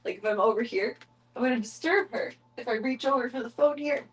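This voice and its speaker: A woman's voice: medium pitch, moderate pace, breathy edge, low-quality recording. A young woman streaming casual chat, talking freely with casual swearing. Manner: chatty, swears casually, coos in baby talk to her cats.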